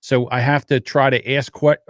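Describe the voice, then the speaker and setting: A man's voice: medium pitch, little pitch movement, normal speed, no echo, studio quality. A man talking as a podcast guest in casual chat, wry and plain-spoken. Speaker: podcast guest, audio editor.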